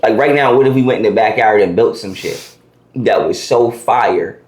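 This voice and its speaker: Profane, animated man talking freely. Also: fairly low pitch, moderate pace. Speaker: interview guest. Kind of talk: casual conversational interview.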